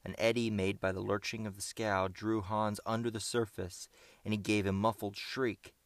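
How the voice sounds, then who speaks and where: Steady, measured male narrator with a deep voice and some fry. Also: dry recording. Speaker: audiobook narrator. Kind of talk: scripted audiobook narration.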